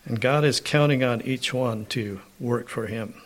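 A man preaching a sermon. He clears his throat often and reads scripture aloud with rising emphasis. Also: mid-range voice, a little hiss or hum. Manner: slow, unhurried preaching with frequent throat clearing.

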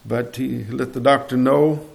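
A male preacher delivering a sermon in earnest storytelling fashion, stopping now and then to clear his throat. His voice is gravelly and sits at a middle pitch. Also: steady tone, unhurried.

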